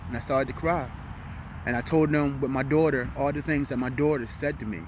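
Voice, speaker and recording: A man's voice: mid-range voice, fairly even intonation, a little fast, slight background noise. A middle-aged man recording a heartfelt motivational talk outdoors at dusk, speaking earnestly and emotionally and repeating his key phrases. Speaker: vlog host. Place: outdoors at dusk, urban street.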